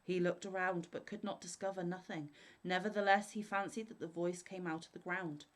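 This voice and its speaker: A woman reading fairy tales aloud in a steady, measured way. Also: fairly low pitch, rough recording. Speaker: storyteller.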